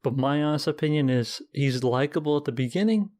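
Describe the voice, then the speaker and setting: A young man co-hosting a casual chat that ranks game characters, delivering steady, blunt, mock-serious verdicts. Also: on the high side, a little fast. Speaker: co-host ranking game characters. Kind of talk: casual banter.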